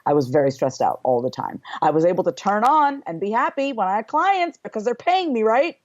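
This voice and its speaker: A woman guest on a podcast talking candidly in an animated way, acting out her inner voices. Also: mid-range voice, brisk, no room sound, dull audio. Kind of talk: candid interview talk.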